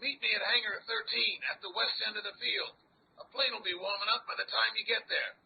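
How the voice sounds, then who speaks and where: Casting: a hoarse, gravelly tough with a high, slangy street voice, for an old radio play over a tinny line. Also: male voice, fairly even intonation, brisk, heavily acted. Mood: brusque. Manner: slangy, tough-guy talk. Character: rough-talking man posing as an adventurer's aide. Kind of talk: old-time radio drama acting. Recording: tinny, narrow-band radio broadcast with faint hiss.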